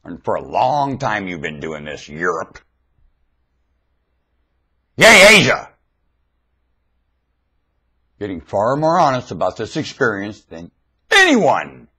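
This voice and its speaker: A man ranting into a webcam in a preachy, shouting way, his pitch swinging wildly. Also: huge pitch swings, moderate pace, breathy edge. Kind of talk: webcam rant.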